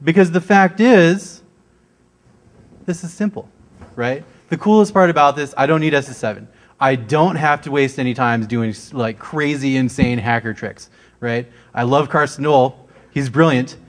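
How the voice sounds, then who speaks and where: Conference speaker, man, mid-pitched, easygoing, keeps checking in with "right?". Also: normal speed. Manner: casual, keeps asking "right?". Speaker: conference presenter. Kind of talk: security conference talk. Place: conference stage.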